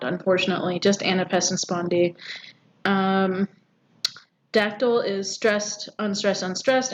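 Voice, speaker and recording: A woman teaching a poetry lesson, explaining step by step with frequent ums and rhetorical questions. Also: mid-range voice. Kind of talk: recorded poetry lecture. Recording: dull audio with faint background noise.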